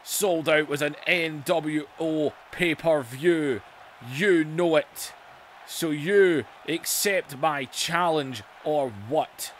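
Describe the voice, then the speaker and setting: A man's voice: on the high side, slow, a little hiss or hum. A man doing a bossy veteran wrestler's promo. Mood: challenging. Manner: bossy, insulting trash talk. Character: blustering veteran male wrestler cutting a promo. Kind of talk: mock wrestling promo over a video game.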